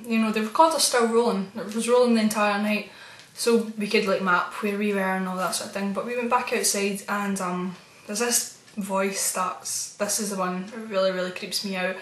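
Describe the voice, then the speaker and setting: A woman with a mid-range voice vlogs casually, spinning a rambling, spooked story about things that happened to her. Her intonation stays fairly even at a moderate pace with hardly any pauses, and she's chatty and meandering, dropping soft, spooked asides. The recording has a roomy echo.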